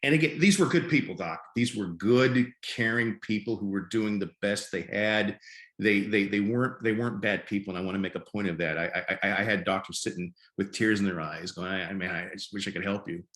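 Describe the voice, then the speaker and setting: A man in his fifties from Nebraska, a podcast guest telling his story in a halting way and often repeating words. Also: fairly low pitch, a bit bright. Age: 50s. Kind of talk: conversational storytelling. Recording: roomy echo.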